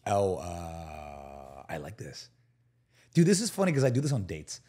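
A man's voice: deep voice, big pitch swings, measured pace, warm tone. A man from Tunisia, a podcast guest in casual chat, joking and rambling in slang.

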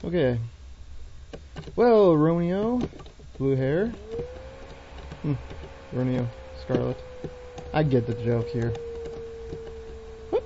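Slow, giggly young woman playing a game. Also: extremely low pitch, lively intonation, warm tone, a little hiss or hum. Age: young adult. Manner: giggly, chatty, reads on-screen text aloud. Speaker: let's play gamer. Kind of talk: casual game commentary. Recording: dull lo-fi recording with faint game music.

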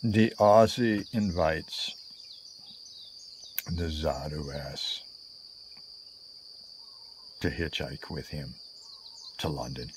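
A male storyteller spinning a long travel yarn at an unhurried pace. His pitch swings lively up and down as he rambles through fillers and side remarks. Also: slight background noise. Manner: meandering, full of fillers and asides. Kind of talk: casual spoken storytelling.

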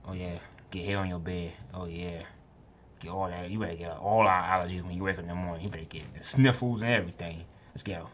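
A man's voice: low voice, fairly even intonation, fast, slight background noise. A man streaming a game, chatting casually and joking, swearing freely and talking to the screen. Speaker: gaming streamer. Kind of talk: casual let's-play commentary. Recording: game music loud behind the voice. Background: game music.

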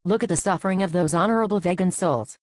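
A woman's voice: fairly low pitch, fast talker, no room sound, lightly acted. A woman voicing an earnest, indignant young vegan woman in a satirical story.

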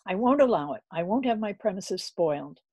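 A woman voicing a brisk, bossy older landlady who scolds and fusses over her premises. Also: medium pitch, lively intonation, darkish tone, husky, no room sound. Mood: scolding. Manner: scolding, bustling, indignant.

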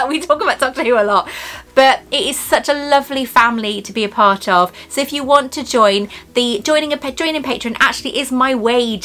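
A woman chats her way through an unboxing at home, gushing over every item and laughing easily. Her voice sits a little higher than most women's. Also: bright, forceful tone. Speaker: YouTube host. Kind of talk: casual unboxing vlog chat.

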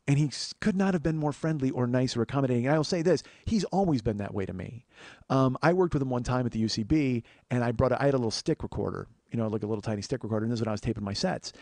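Fast-talking, profane, earnest podcast man. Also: no room sound. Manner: acts out quoted voices in a higher pitch. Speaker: podcast host. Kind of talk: solo storytelling monologue.

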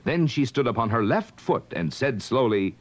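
A man's voice: medium pitch, normal speed. Dramatic male storybook narrator. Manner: dramatic, expressive reading. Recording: dull lo-fi vintage record with hiss.

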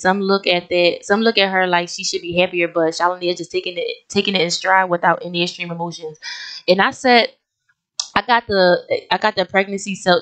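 A young woman hosting a life-sim let's play, talking casually and excitedly straight to her viewers, often breaking into exclamations. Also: fairly low pitch. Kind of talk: casual gameplay commentary.

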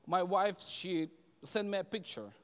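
A man's voice: sits high, a little slow, big-room sound. A male pastor with non-native English preaching a sermon, emphatic and repetitive, often asking the congregation "right?". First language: Russian. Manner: emphatic, repeats key phrases, asks the congregation "right?". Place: church sanctuary.

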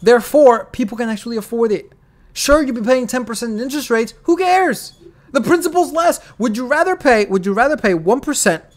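A man hosting a casual finance podcast, talking in an animated, emphatic way and often repeating his phrases. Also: very high voice, fast. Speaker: show host.

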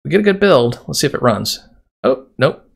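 A man's voice: medium pitch, big pitch swings, fairly quick, vocal fry, husky. A man hosting a programming tutorial, explaining casually and chatting while he types. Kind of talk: screen-recorded coding tutorial. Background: keyboard typing and mouse clicks.

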